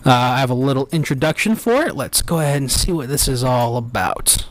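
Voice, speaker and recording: A man's voice: mid-range voice, expressive, brisk. A man hosting a comedy live stream, bantering in a mock-earnest, theatrical way. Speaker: host.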